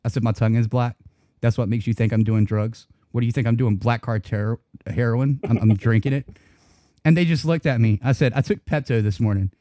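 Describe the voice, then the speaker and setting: Male co-host, animated profane storyteller, mid pitch, dry close mic. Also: fairly quick, no room sound. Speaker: podcast co-host. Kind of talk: casual chat storytelling.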